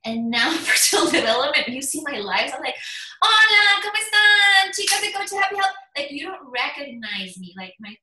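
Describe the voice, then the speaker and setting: A woman in her forties, a fitness business coach, giving an energetic motivational talk in emphatic bursts. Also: on the high side. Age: 40s. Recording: echoey room.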